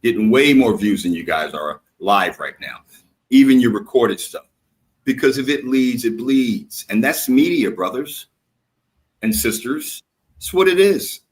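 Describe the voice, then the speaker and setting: Slow, slurring man rambling on a live stream. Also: medium pitch, lively intonation. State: drinking, slightly slurred. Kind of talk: casual live-stream debate.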